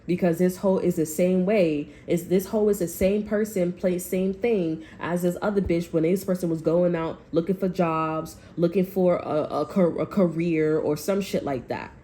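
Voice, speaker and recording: A woman's voice: on the low side, fairly even intonation, moderate pace, hardly any pauses, dark tone, a little hiss or hum. A woman giving a casual tarot reading, blunt and rambling, with heavy swearing and frequent repetition. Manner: rambling, repeats herself. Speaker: tarot reader.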